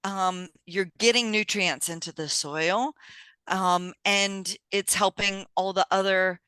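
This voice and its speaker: A woman hosts a relaxed interview, speaking slowly and warmly encouraging her guests. Her voice is bright and forward. The sound is dry and close. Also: medium pitch, clear, resonant tone, no room sound. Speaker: interview host. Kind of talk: casual interview.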